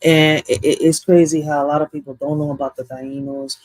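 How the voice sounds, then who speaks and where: A casual reaction-video host from Puerto Rico who rambles, repeats phrases and swings between loud and soft while commenting. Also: mid-range voice, level tone, fairly quick, dry recording, poor audio.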